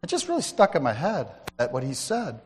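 A man's voice: mid-range voice, huge pitch swings, a little fast, husky, big-room sound. A man giving a testimony at church in a conversational, storytelling way, calling out to listeners by name. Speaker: lay speaker at church. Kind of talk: sermon-style testimony.

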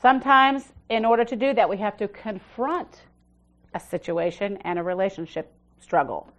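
A middle-aged woman pastor preaching a conversational sermon, swinging from emphatic declarations to soft, low asides, with frequent restarts. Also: moderate pace.

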